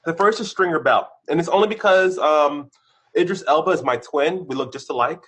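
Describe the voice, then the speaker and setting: Husky man telling animated career stories. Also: a little fast. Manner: animated storyteller, bursts of excitement, then drops low. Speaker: podcast guest, senior engineer. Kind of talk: candid conversational interview.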